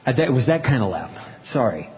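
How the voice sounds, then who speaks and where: A married man preaching a sermon, telling personal stories and swinging from low confessional murmurs to loud shouted emphasis. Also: sing-song, fast talker. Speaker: pastor. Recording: dull, echoey hall sound.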